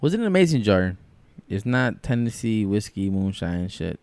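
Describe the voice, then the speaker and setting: A man co-hosting a podcast in casual banter, excitable and swearing freely. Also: lowish voice, normal speed, clean tone, dry recording. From Mexican family, from Durango. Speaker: podcast co-host.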